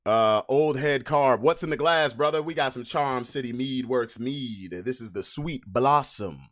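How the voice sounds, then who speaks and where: A man hosting a casual livestream podcast, reading memes to his chat with drawn-out emphatic delivery, loose slang. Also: mid-range voice, fairly bright tone.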